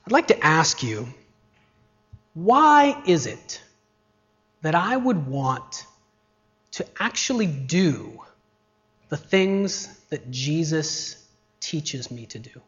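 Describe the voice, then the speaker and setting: A middle-aged man preaching a sermon in an unhurried, deliberate way. His voice sits a little high, and he leans on rhetorical questions. The recording sounds dull and lo-fi. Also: very animated, fairly bright tone. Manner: rhetorical questions, varied emphasis. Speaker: pastor.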